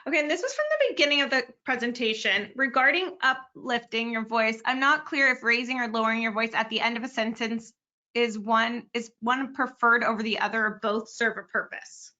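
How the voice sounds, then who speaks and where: A woman hosts a webinar with a bright, fairly high voice and friendly, upbeat moderating. The video-call sound is somewhat dull. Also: brisk. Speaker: webinar host. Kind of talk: hosting a live webinar.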